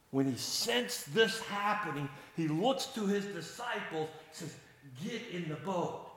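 A male preacher giving a sermon, telling the scene in an animated way and acting out its people. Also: fairly high pitch. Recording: echoey room.

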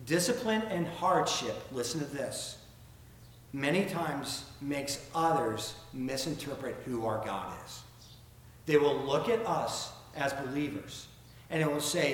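A man with a Southern accent preaching a sermon, asking rhetorical questions and reading scripture aloud in an earnest way. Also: mid-range voice. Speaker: pastor. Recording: very echoey room, faint ambient noise.

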